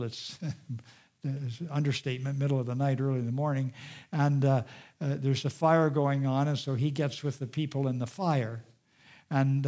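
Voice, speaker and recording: A man preaching a sermon, retelling a scripture story with dramatic swings from raised, urgent delivery to hushed, quiet passages. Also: mid-range voice. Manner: dramatic storytelling, rising loud and dropping hushed.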